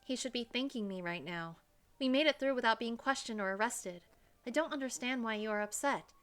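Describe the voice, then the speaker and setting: A woman voicing a brash, defensive young American woman, narrating a visual novel in first person with brisk retorts. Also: on the high side, fairly bright tone, natural voice.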